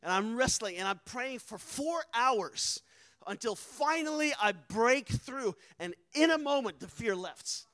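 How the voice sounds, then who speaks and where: A man's voice: very high voice, expressive, a little slow, fairly bright tone, no room sound, rough recording. A man, a missionary, telling a personal testimony with earnest emotion and acting out the quoted dialogue. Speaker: missionary speaker.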